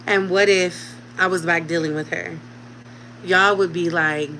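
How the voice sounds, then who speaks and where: A woman's voice: on the low side, a little slow, pushed and bright, a little hiss or hum, low-quality recording. A woman in her thirties, a mother talking casually at home to her channel's viewers, chatty and direct with them. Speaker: vlogger. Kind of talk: casual chat to camera.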